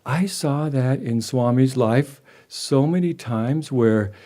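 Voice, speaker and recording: An older man telling a personal memory at a memorial gathering, halting and gentle, with many restarts. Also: mid-range voice. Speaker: devotee sharing a memory. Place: gathering hall with a live audience.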